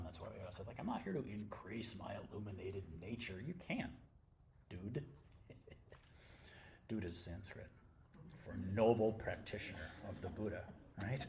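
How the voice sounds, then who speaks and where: A middle-aged man, a Zen teacher, giving a dharma talk at a retreat in an intimate, playful way, dropping to near-whispers and then rising into excited exclamations. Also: on the low side, measured pace, gravelly, pauses often, slight background noise.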